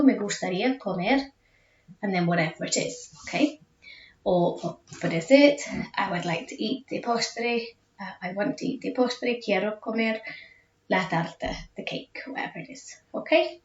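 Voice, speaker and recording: Distant echoey woman teaching. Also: mid-range voice. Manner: patient, explains step by step, often checks with okay. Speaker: school Spanish teacher. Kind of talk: recorded video lesson. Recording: echoey, distant, dull classroom recording.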